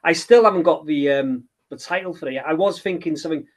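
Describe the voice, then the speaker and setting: Rambling man, slightly high voice. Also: fast talker. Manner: rambling, hesitant, with many restarts. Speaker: children's book author. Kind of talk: casual interview chat.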